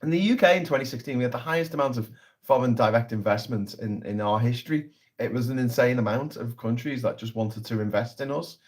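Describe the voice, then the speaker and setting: A man's voice: medium pitch, fast talker. A man hosting a casual political livestream, talking in a sarcastic, sweary, rambling way.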